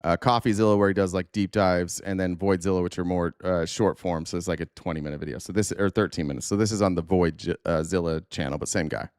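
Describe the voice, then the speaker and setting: Male stream host, low clear voice, dry close sound, casual profane rambler. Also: steady tone, quick pace, few pauses, a little mellow, no room sound. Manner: profane, laughing, rambling with many fillers. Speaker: livestream host. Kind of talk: casual reaction commentary.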